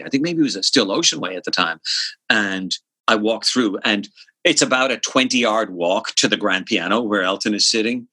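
A man's voice: on the low side, no room sound, poor audio. A middle-aged man casually telling stories as a guest musician, acting out quotes and drum sounds and swearing freely. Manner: animated storyteller, mimics drum sounds and acts out quotes; swears casually, many fillers. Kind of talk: casual storytelling chat.

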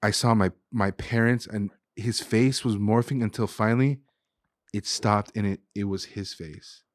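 A man's voice: lowish voice, fairly even intonation, unhurried, no echo, clean studio sound. A man in his thirties, a chef and podcast guest, telling a heartfelt personal story in casual talk full of "dude" and "like". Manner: emotional, heartfelt, says "dude" and "like" a lot.

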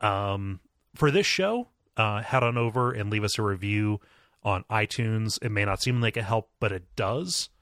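In clean, dry studio sound, this male podcast co-host speaks at a moderate pace in a somewhat low, fairly bright, expressive voice. The chat is casual and rambling, full of restarts and laughter.

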